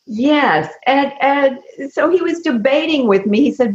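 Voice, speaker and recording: A woman who is a communication coach, speaking as an interview guest in an animated way. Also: high voice, moderate pace. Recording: echoey dull remote audio.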